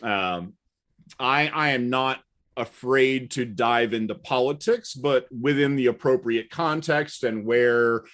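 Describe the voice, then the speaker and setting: A man with a mid-range voice spins stories in a laid-back chat, landing his jokes deadpan. He grew up partly in England and talks in a wry, easygoing way. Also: mid-range voice, takes it slowly. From United States, partly raised in England. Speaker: guest. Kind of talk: casual storytelling chat.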